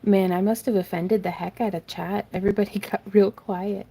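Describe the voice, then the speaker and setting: A woman's voice: mid-range voice, steady tone, fairly quick, vocal fry, warm tone, slightly rough. A woman hosting a live crafting stream from her craft room, chatting in a rambling, self-deprecating way and reading viewer comments aloud. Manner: rambling and self-deprecating, laughs often, reads chat aloud. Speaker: craft tutorial host.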